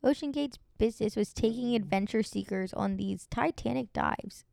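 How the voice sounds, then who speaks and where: A young woman hosts a casual podcast and reads search results aloud between giggles. Her voice sits a little high, with a gravelly fry. The recording is dry and close. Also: normal speed, darkish tone, dry recording. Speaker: podcast host. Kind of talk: casual chat.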